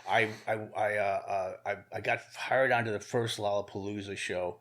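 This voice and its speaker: Low-voiced man telling a candid story. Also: fairly even intonation, a bit bright. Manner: candid, profane, halting with restarts and laughs. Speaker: podcast guest. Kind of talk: casual storytelling interview.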